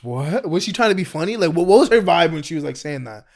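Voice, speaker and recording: Reactive man with a lively voice. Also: fairly high pitch, quick pace. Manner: reactive, frequent short interjections. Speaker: podcast co-host. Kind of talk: casual chat, reacting.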